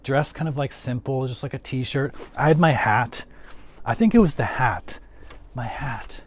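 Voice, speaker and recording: A man's voice: fairly high pitch, a little mellow. A man chatting casually as a livestream host, rambling with lots of "like" fillers and answering his chat.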